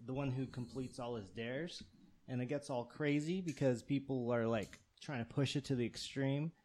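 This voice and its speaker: A man's voice: medium pitch, normal speed, darkish tone. Laid-back slangy man hosting a podcast. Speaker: podcast host. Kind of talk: casual chat.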